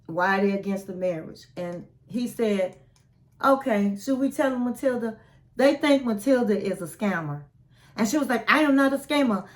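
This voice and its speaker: A woman's voice: medium pitch, animated, normal speed. A woman retelling a reality show episode in a chatty recap, acting out what the people said and adding her own blunt asides. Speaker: recap vlogger.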